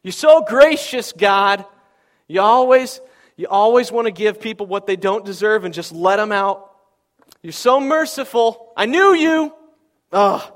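A man's voice: high voice, takes it slowly, long pauses, voice pushed up. A man voicing a furious adult prophet who rants at God in exasperated, whining bursts. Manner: exasperated ranting.

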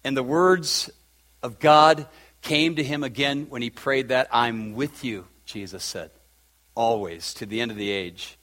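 A man preaching a sermon, swinging from loud, fervent peaks to a soft, emotional hush. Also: mid-range voice, a little slow. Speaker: pastor.

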